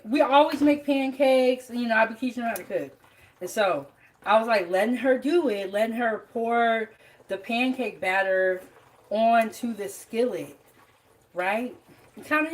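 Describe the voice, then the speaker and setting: A woman with a fairly high voice talks viewers through her cooking in a home kitchen. She is relaxed and chatty, calls her audience y'all, and laughs often as she goes. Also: rough recording. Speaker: home cook hosting a cooking channel. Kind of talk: casual cooking vlog, talking while cooking.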